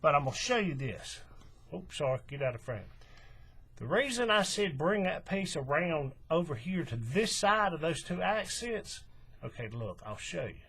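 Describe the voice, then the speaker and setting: A man's voice: on the high side, sing-song, normal speed, a bit bright, slightly rough. A man giving a casual, chatty craft demonstration, often checking in with "right?" and correcting himself as he goes. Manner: chatty, repeats "right?" and "okay", restarts and self-corrections. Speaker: paracord bracelet instructor.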